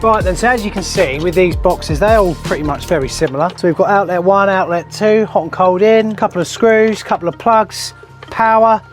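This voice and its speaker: A man's voice: sits high, normal speed, faint music behind. A man, a plumber and channel host, chatting casually and jokily to viewers while he works in a house. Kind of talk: casual DIY vlog chat. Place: house interior and loft.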